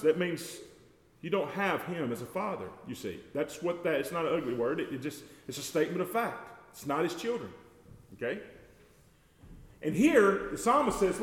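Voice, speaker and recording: Folksy preacher in an echoey church. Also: male voice, fairly high pitch, very animated. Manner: folksy, addresses congregation as y'all; swells loud and slows on scripture quotes. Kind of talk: sermon. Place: church sanctuary. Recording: echoey church hall with long reverb.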